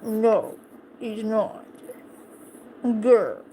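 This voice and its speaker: A woman's voice: a little high, very slow, dark tone, a little hiss or hum. A woman streamer chatting casually and playfully teasing her pet on a live stream.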